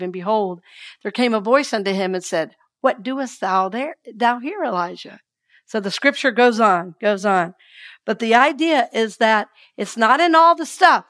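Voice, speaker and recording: A medium-pitched woman minister gives a sermon, quieting down for scripture readings and then lifting into lively call-and-response affirmations with her congregation.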